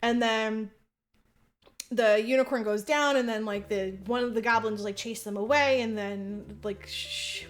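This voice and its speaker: A woman co-hosting a podcast, recapping a movie in casual, profane, rambling chat and acting out the characters in quick voices. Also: a little high, steady tone. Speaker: podcast co-host.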